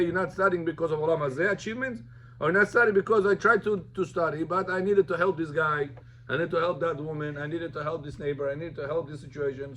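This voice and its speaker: A man's voice: fairly high pitch, fairly bright tone. A man, a rabbi, teaching a Talmud lesson informally, telling the story and mixing Hebrew terms into plain English.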